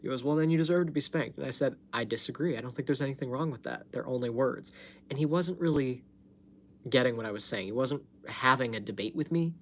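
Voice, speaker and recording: A man's voice: mid-range voice, fairly quick, fairly bright tone, slight background noise. Chatty man telling a story on a live stream. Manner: chatty, laughs often, swears freely. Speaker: livestream host. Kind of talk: casual storytelling livestream.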